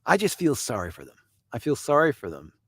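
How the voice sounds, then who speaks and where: A mid-pitched man from Canada hosts an informal live stream. He riffs on viewer comments in a relaxed, conversational way and laughs easily between thoughts. The sound is dry and close, with no room echo. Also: fairly quick, husky. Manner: conversational, chuckles often, answers viewers by name.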